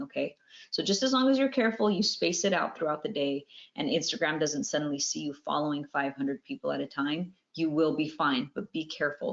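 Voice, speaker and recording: Lower-voiced woman hosting a webinar. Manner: reads out viewer questions and answers them, repeating cautions. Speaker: webinar host teaching music marketing. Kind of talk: live online webinar teaching. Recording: dull lo-fi webinar audio.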